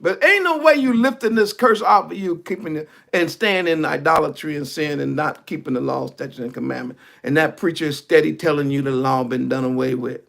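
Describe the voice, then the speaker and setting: A man's voice: on the high side, a little fast, creaky, hardly any pauses, fairly bright tone. A male preacher giving a fiery, colloquial online sermon, reading scripture and preaching it.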